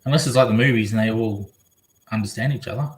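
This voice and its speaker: A man's voice: lowish voice, quick pace. A man chatting casually on a live stream, rambling and reading viewers' comments aloud. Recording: echoey room.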